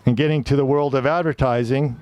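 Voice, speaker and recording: Middle-aged male speaking teacher, warm and smooth, instructive lecture delivery. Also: mid-range voice, steady tone, fairly quick. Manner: instructive, defining terms and quoting examples. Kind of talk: online lecture with quiz.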